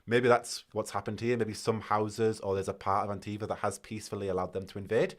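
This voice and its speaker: A man from the north of England with a Northern English accent, hosting a live reaction stream in excitable, speculative casual chat. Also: lowish voice. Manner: excitable, speculative, quick to laugh.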